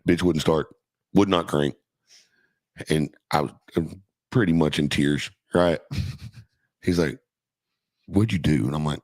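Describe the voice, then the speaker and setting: A man's voice: very deep voice, takes it slowly, pauses often, dry recording. A middle-aged man casually telling a profane, laughing story from his youth as a podcast guest.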